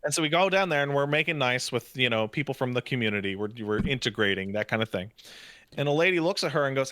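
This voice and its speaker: A man's voice: mid-range voice, fast talker, dry recording, studio quality. A man in his thirties, a podcast co-host, telling stories in casual chat with lots of "like". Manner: animated storyteller, lots of "like".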